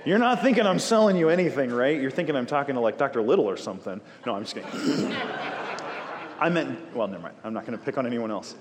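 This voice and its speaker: A man leading a Bible study, praying and then teaching in a conversational, animated way with jokey asides. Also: mid-range voice, brisk, background noise. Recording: reverberant hall.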